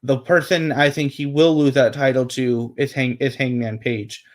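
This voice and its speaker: A man's voice: medium pitch, fairly even intonation, normal speed. A man co-hosting a casual wrestling predictions chat, rambling with many fillers and restarts.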